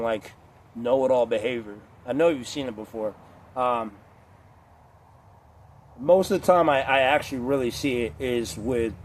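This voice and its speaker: A man's voice: mid-range voice, a little mellow, a little hiss or hum. A man in a casual, rambling vlog rant, profane and digressive, a few beers in. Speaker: vlogger.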